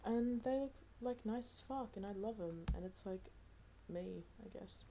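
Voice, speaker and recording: A woman's voice: mid-range voice, unhurried, creaky, warm tone, slight background noise. A young woman in her twenties co-hosting a podcast, talking in a laid-back, casual way with lots of swearing and fillers. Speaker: podcast co-host. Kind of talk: casual chat.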